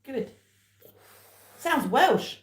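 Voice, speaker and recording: A woman co-hosting a casual livestream who often laughs and reacts in amusement. She speaks slowly with lively swings in pitch. Her voice echoes in the room.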